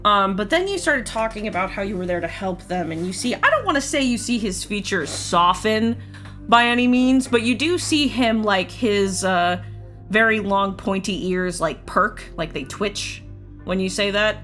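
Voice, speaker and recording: A woman's voice: medium pitch, lively intonation, moderate pace, a bit bright, soft background music. A woman narrating a tabletop game as game master, describing scenes in a casual, filler-heavy way.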